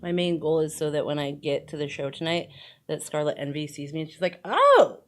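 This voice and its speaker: A woman's voice: sits low, level tone, brisk, darkish tone. A woman chatting casually through a makeup tutorial, rambling with lots of fillers and playful asides. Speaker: makeup vlogger.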